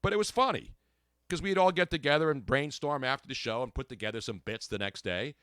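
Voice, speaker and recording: A man's voice: medium pitch, a little fast, clear, resonant tone, no echo. A middle-aged man hosting a talk radio show, joking and telling brash stories in casual on-air banter. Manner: brash, joking, animated storyteller.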